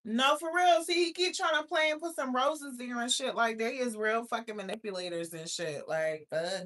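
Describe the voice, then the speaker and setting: A woman's voice: a little high, moderate pace, fairly bright tone. A woman in her thirties hosting a livestream, ranting bluntly and profanely as she answers viewer comments. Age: 30s. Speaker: livestream host. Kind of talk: casual livestream chat reading viewer comments.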